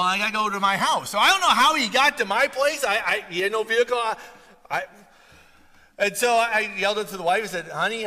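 A male pastor with a high, bright voice that swings widely in pitch as he preaches. He tells stories with animation and plays out the other voices himself. His words ring with the long reverb of a church hall. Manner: animated storytelling, acts out quoted voices. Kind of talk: sermon with personal story.

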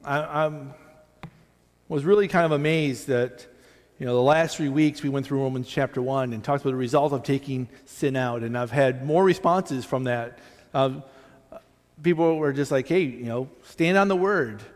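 A church pastor preaches a sermon in a conversational, self-deprecating style, often restarting sentences and slipping in asides. His voice is mid-range at a normal speed, and the sanctuary adds a long hall reverb.

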